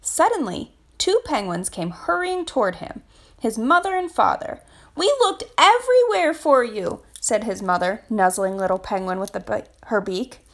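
A woman reading a children's picture book aloud for a family literacy storytime, expressive and lilting. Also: mid-range voice, normal speed.

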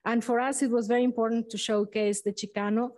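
A woman who is not a native English speaker, co-curator giving opening remarks at a museum exhibition, halting and searching for words with frequent restarts. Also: fairly high pitch, little pitch movement, a little mellow. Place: museum event space.

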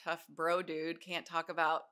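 A woman in her forties hosting a podcast, chatting casually and telling animated stories, swearing now and then. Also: deep voice, a little slow. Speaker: podcast host. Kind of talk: casual chat.

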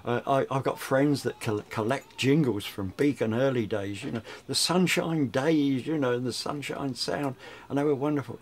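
An older radio DJ reminisces in an interview, rambling and frequently restarting. He speaks with a medium-pitched voice at a moderate pace, with few pauses.

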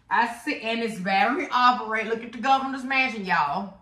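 Lady unboxing gifts, dramatic and chatty, bit high voice, echoey room w faint hiss. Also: animated, normal speed, a bit bright. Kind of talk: casual chat to viewers. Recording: roomy echo, faint noise.

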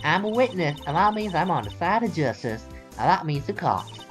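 Brief: a man putting on a brash Southern woman, folksy drawl, bouncy lively pitch, faint game music behind. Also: normal speed. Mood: sassy. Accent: put-on Southern US. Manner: folksy, sassy, loud.

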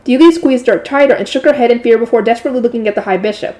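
A woman reading a light novel aloud in a steady narrating voice, adding her own asides. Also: fairly high pitch, racing. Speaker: audiobook reader.

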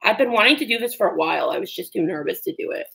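A woman's voice: mid-range voice, expressive, rapid-fire, vocal fry, fairly bright tone, rough recording. A woman chatting casually on a livestream while she cooks in her home kitchen, nervous and self-deprecating, with sudden yelps. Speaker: livestream cooking host.

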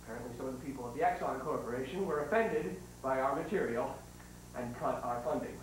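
A man's voice: mid-range voice, quick pace, noisy background. A man hosting a comedy TV program, presenting in a mock-earnest way in a sketch comedy. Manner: mock-earnest presenter turning into screaming rant. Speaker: TV program host. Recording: echoey far-off 1990s local TV audio.

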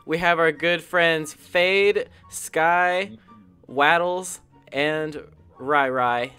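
A man's voice: fairly high pitch, extremely slow, bright, forceful tone, clear, resonant tone. A teenage boy hosting a casual multiplayer gameplay chat, playful and giggly, over a headset mic. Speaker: channel host. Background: faint background music.

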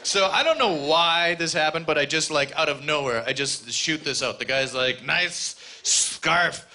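A man doing stand-up in a comedy club, telling a story and jumping into loud, high-pitched character voices. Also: normal speed. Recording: live club recording with audience noise. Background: audience laughter.

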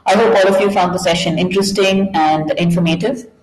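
A woman's voice: lowish voice, fairly even intonation, brisk, a little mellow, roomy sound, poor audio. A woman hosting an online event, giving polite closing remarks with fillers. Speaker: host.

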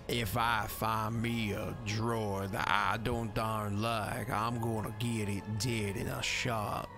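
A man putting on the voice of a crude redneck character from a tabletop game, in a slow, mumbled drawl. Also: fairly low pitch, little pitch movement, gravelly, music in the background, voice pushed down. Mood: gruff.

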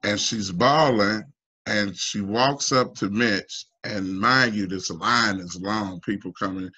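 A man from the United States giving halting, emotional personal testimony in an online town hall, full of restarts and fillers, his pitch climbing when he pleads. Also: bright, forceful tone, breathy edge. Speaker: union member asking a guest.

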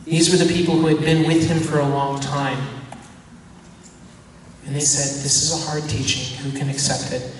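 A priest giving a teaching talk, animated and acting out the voices of the people in his story. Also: fairly high pitch, normal speed, a little hiss or hum. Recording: echoey church hall from far off.

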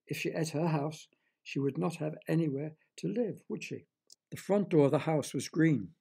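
Raspy gravelly guy reading a kids' story, gentle and expressive. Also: a little high, moderate pace. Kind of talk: children's audio story narration.

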